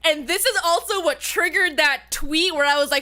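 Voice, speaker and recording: A woman's voice: sits high, moderate pace, few pauses. A young woman streamer chatting casually on a livestream, ranting with laughter and frequent swearing. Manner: animated, swearing, laughing rants. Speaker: VTuber streamer.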